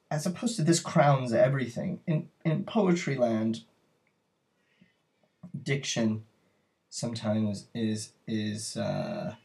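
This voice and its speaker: A man's voice: medium pitch, gravelly, a little mellow. A man teaching a poetry lesson, talking it through thoughtfully and searching for words as he explains.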